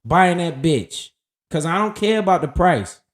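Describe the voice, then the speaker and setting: A man's voice: fairly high pitch, sing-song, a little slow. A man giving casual, profane, hyped market commentary, talking straight to his viewers while going over his account. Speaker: stock market streamer.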